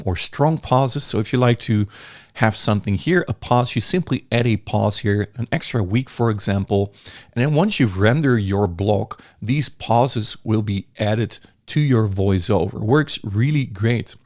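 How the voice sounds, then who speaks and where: A man talks through a software tutorial in a relaxed, chatty way and sometimes restarts his words. His pitch sits in the middle. He is recorded dry at a desk mic. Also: no echo. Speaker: software reviewer. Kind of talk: casual screen-recorded tutorial.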